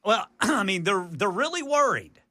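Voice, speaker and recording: A man's voice: sits high, very animated, moderate pace, bright, forceful tone, dry recording. A man co-hosting a radio show, laid-back and dry in casual banter. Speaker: radio co-host. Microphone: studio mic.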